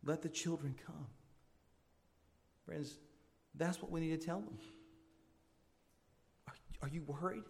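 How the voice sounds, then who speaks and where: A male pastor preaching in a large church, his fairly high voice carried by a long hall reverb. He pleads with the congregation and builds to fervent, urgent calls. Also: takes it slowly, vocal fry, long pauses, darkish tone. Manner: pleading, rising to fervent high-pitched appeals. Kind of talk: sermon. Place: church sanctuary.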